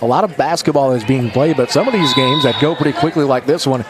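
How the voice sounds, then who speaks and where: A man doing play-by-play commentary for a high school basketball game, trading light jokes with his partner between calls. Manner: jokey, quick banter between calls. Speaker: play-by-play announcer. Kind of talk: sports commentary.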